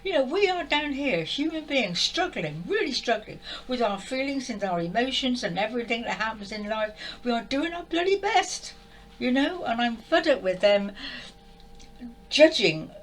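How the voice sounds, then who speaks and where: A woman's voice: sits high, big pitch swings, moderate pace, a bit bright, a little hiss or hum, low-quality recording. An older woman speaking in an upset, exasperated and tearful way, repeating herself as she vents about spiritual channelling. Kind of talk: emotional monologue to camera.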